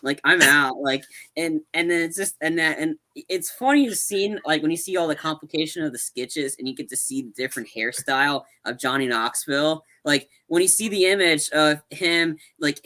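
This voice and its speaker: A co-host of a movie review podcast in casual chat, telling scenes with animated retellings and many restarts. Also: mid-range voice.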